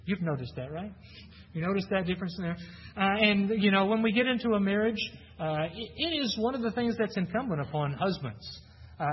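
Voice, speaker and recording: Man, pastor, sermon, high voice, husky tone, conversational, rhetorical questions, long hall reverb, muffled recording. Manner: conversational, asks the listeners rhetorical questions, repeats words. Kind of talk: sermon, verse-by-verse Bible teaching.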